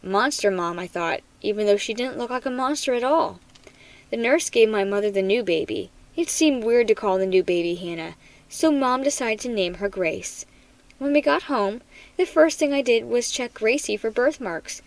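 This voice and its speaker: A woman reading a children's horror book aloud in an expressive, dramatic manner. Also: fairly high pitch, normal speed, low-quality recording. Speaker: storybook reader.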